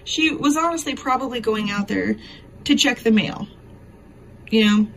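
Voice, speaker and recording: Casual woman vlogger, slightly high voice, rambling and emotional, faint room noise behind. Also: normal speed, poor audio. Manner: emotional, rambling storytelling with many fillers. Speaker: craft vlogger. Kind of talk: casual chat to camera. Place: home.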